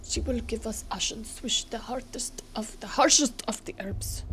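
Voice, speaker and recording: A woman's voice: fairly high pitch, vocal fry, slight background noise. A woman voicing a solemn young herb-woman from the steppe, reading game lines in a formal, half-whispered way. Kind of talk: reading game dialogue aloud.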